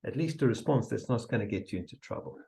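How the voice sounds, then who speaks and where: A man giving a motivational seminar talk, emphatic and repetitive, sometimes dropping to a soft near-whisper to demonstrate. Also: mid-range voice, lively intonation, quick pace, vocal fry, rough recording. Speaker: seminar speaker.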